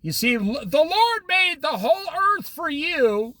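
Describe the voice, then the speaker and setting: A man's voice: very high voice, measured pace, dry recording. A man giving a casual Bible study talk, acting out little dialogues between people and God. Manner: animated, acts out little dialogues. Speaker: Bible teacher. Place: Oregon coast.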